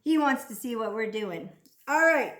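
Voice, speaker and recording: A woman giving a playful children's speech lesson, talking slowly and with exaggerated, sing-song delivery. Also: a little high, animated, fairly bright tone, roomy sound.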